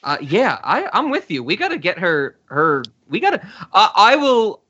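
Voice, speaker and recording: A man co-hosts a podcast in relaxed, excitable chat and laughs often. His voice is bright and forceful, set a little high. The sound is slightly dull and lo-fi. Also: normal speed, hardly any pauses, husky. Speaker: podcast co-host. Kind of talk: casual chat.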